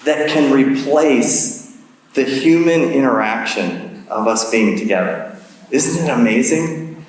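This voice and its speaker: A man's voice: medium pitch, measured pace, recorded from a distance, a little hiss or hum. A man giving a guest lecture in a church, talking in a friendly, self-deprecating, chatty way. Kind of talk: conversational lecture. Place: large church sanctuary. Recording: echoey hall, mic heard from afar.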